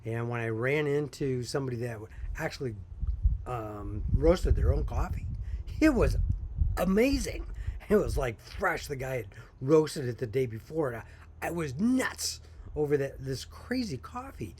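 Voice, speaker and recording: Small-business owner, male, middle-pitched, folksy and chatty, casual story told to camera. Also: sing-song, measured pace, a little mellow, slight background noise. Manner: folksy, chatty, laughs while telling stories. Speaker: coffee company owner.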